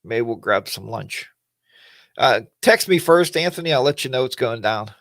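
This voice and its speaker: A man's voice: mid-range voice, animated, moderate pace, a bit bright, dry recording. A man hosting a casual weekly livestream chat, rambling in a folksy way and greeting viewers by name.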